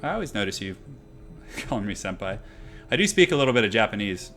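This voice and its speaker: A man's voice: on the low side, big pitch swings, fast talker, a bit bright, faint music behind. A young man casually chatting through a live stream while setting up a strategy game battle, rambling with lots of fillers. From half Irish heritage.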